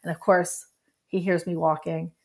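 A woman's voice: lowish voice, little pitch movement, normal speed. A middle-aged woman guest telling a personal story candidly and with feeling, laughing at times as she recalls it. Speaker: guest, writer.

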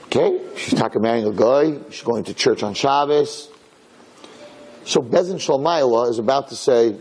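A man telling a religious story in a dramatic, animated way, acting out the characters. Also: mid-range voice, brisk, slightly rough. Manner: lively, dramatic, acts out characters.

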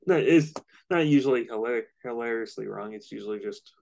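A man's voice: medium pitch, a little fast, creaky, darkish tone. A man co-hosting a podcast in casual chat, rambling a little with fillers. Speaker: podcast co-host.

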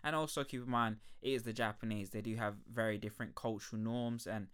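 A young man hosting a podcast, rambling through a casual review with profane, animated rants and frequent laughter. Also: on the low side, quick pace, clear, resonant tone. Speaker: podcast host.

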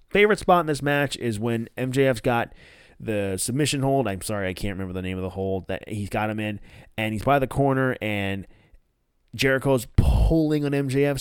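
A man's voice: clean tone, no echo, clean studio sound. A man hosting a show, casually recapping events and acting out quoted lines in a raised voice. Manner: animated retelling, acts out quoted lines with higher pitch. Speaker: wrestling podcast host.

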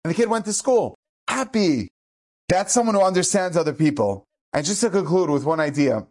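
A middle-aged man, a rabbi, giving an earnest inspirational eulogy, telling stories with Hebrew and Yiddish terms mixed in. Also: on the high side. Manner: acts out quoted speech in lively shifting voices.

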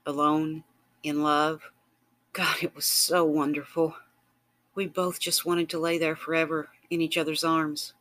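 Soft-spoken man telling a romantic story. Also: on the high side. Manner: soft, tender, unhurried. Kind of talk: intimate romantic narration.

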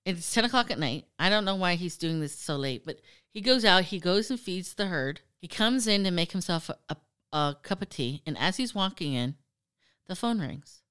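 A woman co-hosting a casual podcast, telling a story in an animated way, with some swearing and acted-out quotes. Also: lowish voice, normal speed, smooth. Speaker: podcast co-host.

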